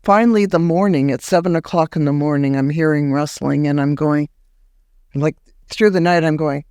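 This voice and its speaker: Woman guest, animated storyteller, dry recording. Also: clean tone, dry recording. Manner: animated, acts out remembered words in a higher voice; halting restarts when recounting. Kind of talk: personal storytelling in a podcast interview.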